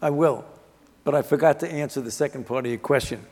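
An older man, a physician and author, telling his story earnestly in a measured way, often restarting his sentences, during an interview on stage before a live audience. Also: medium pitch, darkish tone. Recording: reverberant hall.

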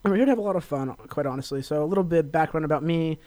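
A man's voice: on the high side, rapid-fire, mellow, no echo. A young man from Los Angeles hosting a college radio show, chatting casually and rambling with lots of fillers as he promotes himself. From Los Angeles, California. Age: young adult. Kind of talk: casual solo radio talk.

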